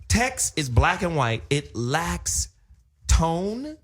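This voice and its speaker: A man's voice: a little high, very animated, very slow. A middle-aged man hosting a casual panel chat, lecturing with emphasis and laughing at his own points. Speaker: host.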